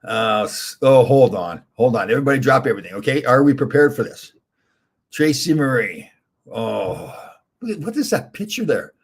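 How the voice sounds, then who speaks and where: Husky, rambling middle-aged male streamer. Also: mid-range voice. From Canada. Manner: rambling, chatty, reads viewer comments aloud. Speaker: livestream host answering chat. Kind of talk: casual chat.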